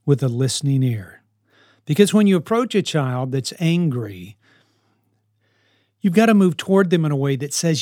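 A man's voice: fairly high pitch, big pitch swings, normal speed, pauses often, a little mellow, no room sound, studio quality. A man who lives with and mentors teenagers gives earnest advice to parents, often repeating himself for emphasis. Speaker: houseparent to high school kids.

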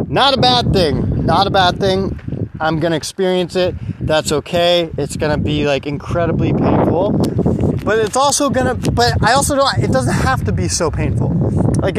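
Earnest, rambling man with a higher voice. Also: noisy background. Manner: rambling, earnest, with frequent restarts and laughs. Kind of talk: casual reflective monologue.

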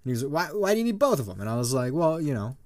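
A man's voice: medium pitch, big pitch swings, very fast, darkish tone. A young man co-hosting a podcast, telling a rambling story full of fillers. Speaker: podcast co-host. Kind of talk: casual chat.

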